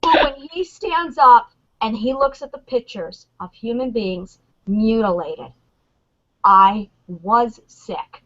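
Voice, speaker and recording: Excitable woman gushing on a panel. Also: fairly high pitch, slow, lo-fi sound. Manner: excitable, acts out lines from scenes. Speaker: convention panelist. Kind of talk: animated fan chat.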